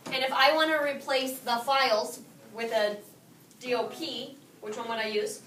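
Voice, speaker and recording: A high, bright woman's voice leads a high school classroom. She fires questions at her students and echoes back their answers. She is picked up from across an echoey room with a faint hum underneath. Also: fairly even intonation, normal speed, distant mic. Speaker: high school Spanish teacher. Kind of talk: classroom teaching.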